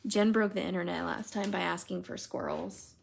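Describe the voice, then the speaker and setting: A woman's voice: lowish voice, gravelly, slight background noise. A woman hosting a live stream, telling funny stories and chatting casually with viewers by name while she colors. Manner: chatty, giggly storyteller, replying to viewers by name.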